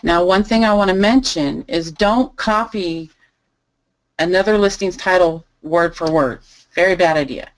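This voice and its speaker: A woman teaching a live online lesson, calmly thinking aloud as she types through each step. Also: lowish voice, a little slow, low-quality recording. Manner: relaxed, thinking aloud while typing. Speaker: online selling instructor. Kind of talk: live screen-share tutorial.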